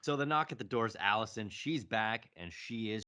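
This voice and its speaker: A man's voice: lowish voice, lively intonation, normal speed, bright, forceful tone. A man co-hosting a casual review podcast, recapping the plot with dry jokes. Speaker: podcast co-host.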